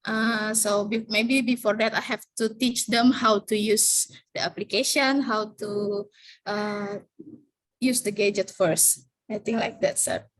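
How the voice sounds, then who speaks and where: Slow, hesitant woman teacher. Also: medium pitch, steady tone, poor audio. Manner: hesitant, halting, many fillers. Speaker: elementary school English teacher, student in training course. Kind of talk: presenting in online class.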